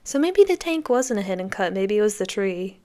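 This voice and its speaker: A woman's voice: medium pitch, very animated, moderate pace, warm tone. A woman hosting a podcast, giving enthusiastic, conversational commentary as she reacts to a film. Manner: enthusiastic, conversational, reacting to scenes as they play. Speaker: podcast host.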